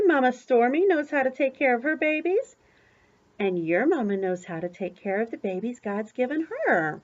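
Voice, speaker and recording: An older woman, a grandmother, reading a picture book aloud to a small child, animated, with gasps and asides to the child. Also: on the high side, dull audio. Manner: animated, gasping, talks to the child between pages. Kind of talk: storybook read-aloud to a child.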